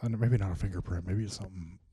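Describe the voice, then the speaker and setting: A man's voice: low-pitched, steady tone, quick pace, dark tone, slightly rough, no room sound. A man with a Michigan accent, co-hosting a podcast in laid-back, swearing, self-mocking chat. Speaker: podcast co-host. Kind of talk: casual chat.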